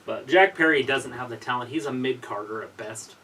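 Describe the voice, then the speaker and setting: A man's voice: medium pitch, a little fast, pushed and bright, distant mic, slight background noise, poor audio. Opinionated man calling wrestling moves. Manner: opinionated, calls out moves and botches. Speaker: co-host reacting to a wrestling show. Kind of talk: casual live-stream commentary.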